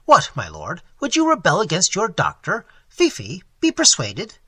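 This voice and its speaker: A man reading aloud and voicing a cool, mock-polite gentleman highwayman who never loses his composure. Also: wildly swooping pitch, moderate pace, slightly rough, dry recording, clean studio sound, exaggerated voice. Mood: coolly mocking. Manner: suave, mock-polite, unflappable. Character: cool mocking gentleman highwayman, adult male.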